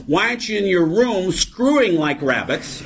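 A man's voice: sits high, sing-song, normal speed. A middle-aged man telling wry, self-mocking stories as a speaker at a recovery meeting. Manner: wry, storytelling, self-mocking, many "you know"s. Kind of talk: comedic recovery talk to a live audience.

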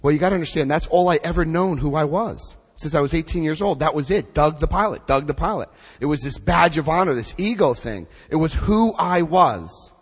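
A middle-aged man giving a personal recovery testimony to an audience, telling his story with dramatic pauses. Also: fairly high pitch, lively intonation, slightly rough. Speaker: recovery speaker. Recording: hall reverb.

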